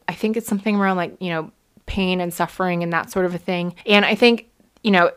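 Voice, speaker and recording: Young woman, mid-pitch, clear resonant voice, casual earnest vlog monologue full of fillers. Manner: heavy use of "like" and "you know" fillers; earnest and heartfelt. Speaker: marathon runner.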